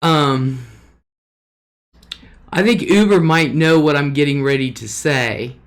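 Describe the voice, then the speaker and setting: A woman talks slowly and easily on her live stream, taking her time between thoughts. She greets viewers by name, reads their comments aloud and swears freely. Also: low voice. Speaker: livestream host. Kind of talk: casual live chat, reading viewer comments. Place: at home at her desk.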